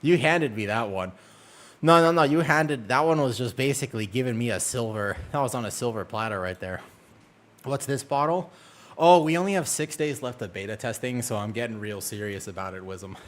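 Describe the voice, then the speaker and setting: A man with a mid-range voice chats casually on a live game stream, excitable and firing off quick exclamations.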